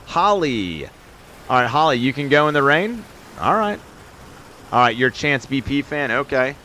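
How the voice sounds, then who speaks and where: A man's voice: medium pitch, very animated, moderate pace, a crowd in the background. A man hosting a live stream, chatting with viewers and calling play-by-play on a game. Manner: chatty, upbeat, talks straight to viewers in chat.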